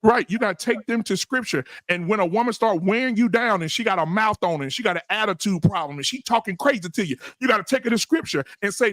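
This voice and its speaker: A man's voice: high-pitched, lively intonation, fast talker, few pauses, fairly bright tone, dry recording. A man hosting a podcast, talking in a preachy, profane and emphatic way in heated panel talk. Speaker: podcast host. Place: live-stream podcast studio.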